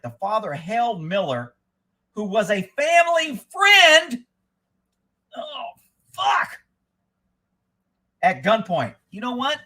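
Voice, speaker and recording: A middle-aged man hosts a live stream and rants with heavy profanity. His voice sits high and swings widely in pitch. It has a bright, slightly husky edge. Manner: profane, heated ranting; reads news headlines then reacts. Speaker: livestream host.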